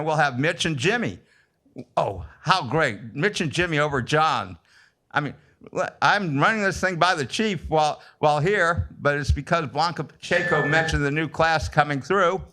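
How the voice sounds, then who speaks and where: A man's voice: on the high side, a bit bright. A man giving a crude, mocking, sarcastic public comment at a city council meeting.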